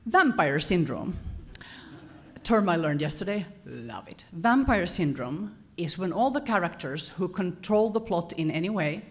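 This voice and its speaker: Woman, conference speaker, low-ish voice, conversational lecture with frequent self-corrections. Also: moderate pace. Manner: animated, self-correcting, chuckles between points. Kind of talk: lecture-style talk to an audience.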